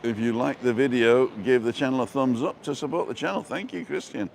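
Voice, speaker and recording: A man's voice: medium pitch, a little fast, creaky, a little mellow, slight background noise. A middle-aged man hosting a casual live stream as he walks outdoors through town streets, chatting and reading out viewer comments with a joking manner.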